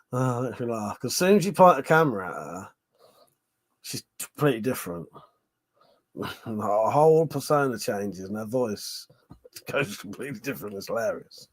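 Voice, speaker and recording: Laughing, sweary man, lively pitch. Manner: laughs often, swears, jokey. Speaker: live stream host. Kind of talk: casual chat with live chat viewers.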